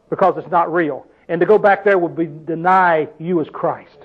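A man preaches a sermon with a high, fervent voice. He punctuates his points with exclamations. The church recording sounds dull and lo-fi. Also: moderate pace, hardly any pauses. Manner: preacherly, call-and-response exclamations. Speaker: pastor. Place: church hall.

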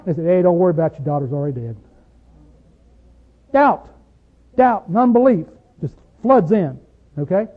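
A man preaching a sermon, asking his listeners questions and swinging between loud stretches and hushed ones. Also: high-pitched, animated, normal speed, pauses often. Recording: tinny phone-like sound.

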